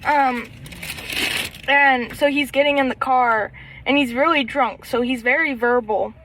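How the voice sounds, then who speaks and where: Young female co-host, high pitch, animated storyteller who voices the people she quotes. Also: a little slow, poor audio. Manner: storytelling with laughter, acts out quotes. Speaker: podcast co-host. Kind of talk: casual chat.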